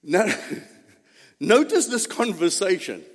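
Male pastor, theatrical sermon delivery, high voice, unhurried; hall reverb. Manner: animated, theatrical, laughing often. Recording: echoey church hall reverb.

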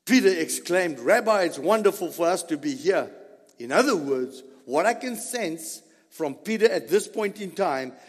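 Animated high-voiced male preacher. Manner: animated, rhetorical questions to the congregation. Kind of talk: sermon. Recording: long reverb of a large hall.

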